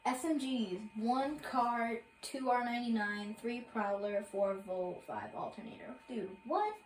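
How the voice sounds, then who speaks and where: A woman's voice: fairly high pitch, measured pace, roomy sound, slight background noise, low-quality recording. A young woman casually reading through game patch notes aloud, rambling with lots of fillers and correcting herself. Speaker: gaming video creator.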